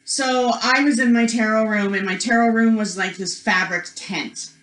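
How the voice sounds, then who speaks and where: A woman's voice: on the high side, fairly even intonation, moderate pace, fairly bright tone. A woman presenting a spiritual workshop, telling a personal story in a chatty way, full of "like" and "you know", acting out the voices of the people in it. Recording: echoey room.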